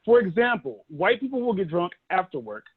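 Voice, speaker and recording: A man in his thirties from Dallas, Texas, performing a stand-up comedy set, telling animated stories with acted-out quotes into a phone held by his son. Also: high-pitched, fairly quick, slightly rough. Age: 30s. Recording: thin phone-like audio.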